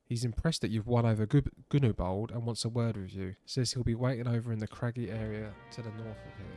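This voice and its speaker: A man's voice: on the low side, fast, dark tone, soft background music, natural voice. A man reading as a chatty messenger.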